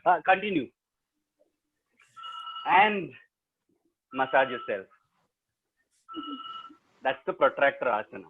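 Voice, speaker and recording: A man's voice: mid-range voice, sing-song, slow pace, long pauses, slightly rough. A man with a South Indian accent, a professional storyteller, telling a story to an online audience in a playful, teasing way and talking straight to his listeners. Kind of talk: interactive storytelling webinar. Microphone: laptop mic over a video call. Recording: tinny video-call audio.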